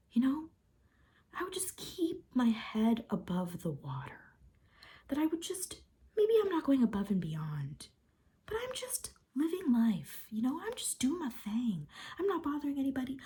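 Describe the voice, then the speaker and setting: Young woman, confessional vlog, frustrated, rambling, breathy voice. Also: on the high side, dark tone. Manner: candid, rambling, repeats phrases. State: upset and frustrated. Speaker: vlogger.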